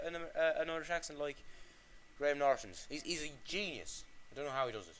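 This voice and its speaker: A man co-hosting a comedy podcast, mock-formal and jumping from mumbles to loud outbursts. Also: on the high side, animated, brisk. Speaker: podcast co-host.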